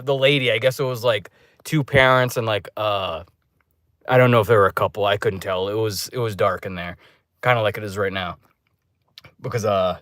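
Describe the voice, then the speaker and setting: A man telling a rambling, profane story in a casual vlog review, with loud re-enacted outbursts. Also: medium pitch, no echo, clean studio sound. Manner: loose, restarting delivery. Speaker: movie reviewer. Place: dark room.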